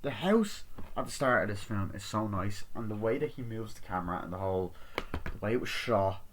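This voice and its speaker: A man's voice: on the low side, lively intonation, brisk, noisy background. A man giving a casual, rambling movie review, swearing often as he retells scenes. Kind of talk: casual spoken film review.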